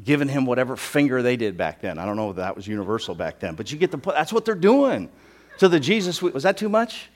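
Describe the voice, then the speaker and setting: A man preaching a sermon in a church, animated and jokey, acting out mocking voices as he reads scripture. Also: medium pitch, fast. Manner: animated, acts out mocking voices, joking asides. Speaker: pastor.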